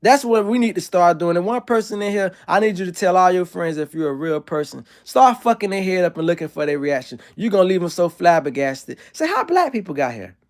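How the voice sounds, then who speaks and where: A man's voice: high-pitched, fairly quick, hardly any pauses, a little mellow. A man streaming live, delivering a provocative, profane and emphatic monologue to his chat.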